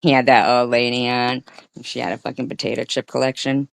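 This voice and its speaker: Gravelly, sarcastic woman ranting. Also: a bass voice, little pitch movement, fairly quick, dry recording. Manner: profane, sarcastic and mocking; chatty storytelling. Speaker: live-stream commentary host. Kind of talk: ranting live-stream commentary.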